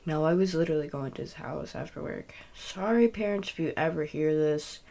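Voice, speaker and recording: A woman's voice: low voice, a little fast, gravelly, dark tone. A young woman telling a personal story in a casual, rambling way, full of fillers and self-corrections. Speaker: podcast host.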